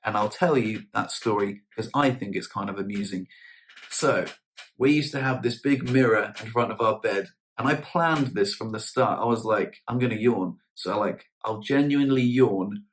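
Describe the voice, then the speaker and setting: Brief: male vlogger with a lowish voice, relaxed and chatty, slangy, self-deprecating. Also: moderate pace, a little hiss or hum. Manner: chatty, slangy storytelling with self-mocking humour. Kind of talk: casual chat to camera.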